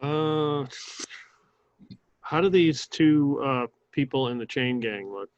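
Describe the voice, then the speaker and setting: A man playing a tabletop game who speaks slowly and hesitantly, stopping often between words. His voice is dry and dull, as if picked up by a basic lo-fi microphone. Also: medium pitch, no echo. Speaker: player. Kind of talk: casual tabletop game play.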